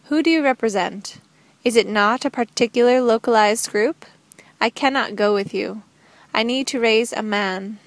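A woman reading the lines of a calm, gentle young woman in an audiobook, speaking earnestly and evenly. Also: on the high side, normal speed, no room sound, lightly acted.

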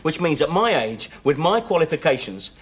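A man's voice: a little high, big pitch swings. An actor in his forties playing a wry, cheeky ex-convict father in a 1970s British sitcom, teasing and sardonic. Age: 40s. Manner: sardonic, teasing, quick with jokes. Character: wry middle-aged male ex-con, cheeky joker. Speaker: ex-convict father going straight.

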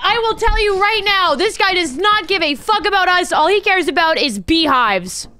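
A young woman streaming a game, joking and yelling profanely at her teammates. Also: very high voice, expressive, moderate pace, dry recording. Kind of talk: casual gaming stream chat.

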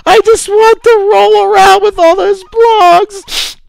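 A man playing an overwrought blogger who gushes and cries, his voice pitched up. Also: steady tone, slow pace, gravelly, dry recording, full character voice. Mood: tearful gushing. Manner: gushing, breathless confessions. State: crying. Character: overwrought gushing blogger, sobbing with love. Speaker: vlogger. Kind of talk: parody response video.

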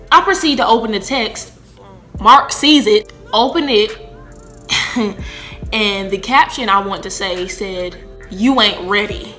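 A woman in her twenties telling a personal story on her vlog, animated and acting out the dialogue. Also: fairly high pitch. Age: 20s. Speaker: vlogger.

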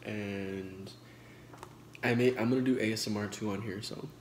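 A man's voice: on the low side, steady tone, moderate pace. A man in his twenties chatting casually in slang while eating on camera, swearing freely. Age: 20s. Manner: laid-back slangy talk with frequent swearing; talks between bites while eating. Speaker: vlogger. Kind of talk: casual mukbang chat. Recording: echoey room with noise.

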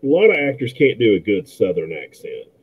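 A middle-aged podcast co-host talks casually about movies, with lots of fillers and restarts. His fairly low voice has big pitch swings, a slightly rough texture, and a somewhat fast pace. The line sounds tinny, like a phone.

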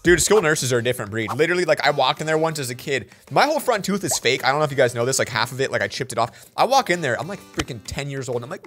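Man, reaction host, casual chatty commentary, rapid pace, bouncy intonation. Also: mid-range voice, soft background music. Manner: animated, chatty, quick asides.

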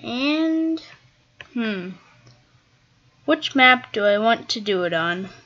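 Chatty gamer thinking aloud, lo-fi mic. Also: female voice, mid-range voice, slow pace, pushed and bright. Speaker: gaming video creator. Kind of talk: casual gameplay commentary. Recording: dull lo-fi mic.

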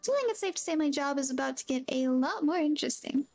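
A woman reading aloud the lines of a cheerful young courier boy from a game, upbeat and quick. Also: high voice, animated, darkish tone, soft background music. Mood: eager.

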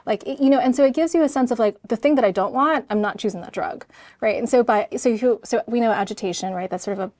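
A woman with a fairly high voice, an emergency physician and medical educator, runs a conversational review lecture at a quick pace. Her tone is a little mellow, and she keeps it chatty, sprinkling in "sort of" and "right?" often. The recording is dry.

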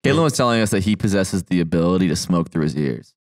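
Low-voiced relaxed male guest, dry close sound, unhurried and hesitant. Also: dry recording. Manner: laid-back, hesitant with fillers. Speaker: podcast guest. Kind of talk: casual chat.

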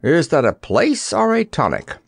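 A man voicing a gentle, naive stuffed dummy king in a storybook reading, quaint and mild. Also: a little high, huge pitch swings, unhurried, vocal fry, slightly rough, no room sound, studio quality, voice pushed up, full character voice. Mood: earnest.

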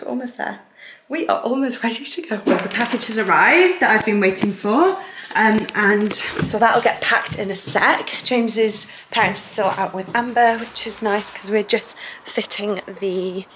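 A young woman chatting casually to a handheld phone camera at home, gushing and excitable as a family vlogger. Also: medium pitch, slight background noise. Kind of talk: casual vlog chat to camera.

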